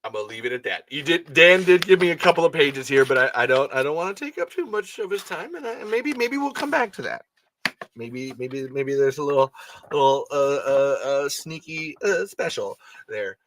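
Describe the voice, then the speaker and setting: A man's voice: fairly high pitch, very animated, normal speed, fairly bright tone, slight background noise. A man hosting a podcast, reading a story aloud with casual, rambling asides and frequent self-corrections. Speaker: podcast host.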